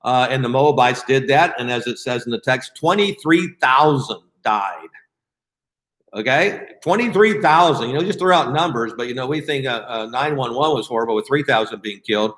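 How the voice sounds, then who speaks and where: A man leading a Bible study in a casual, conversational way, often pausing with fillers and restarting his sentences. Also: medium pitch, fairly bright tone, reverberant.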